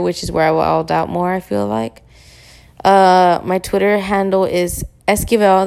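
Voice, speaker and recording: Profane young woman with a gravelly voice. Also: on the low side, a little mellow. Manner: blunt, profane, venting. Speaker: podcast host. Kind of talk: casual monologue.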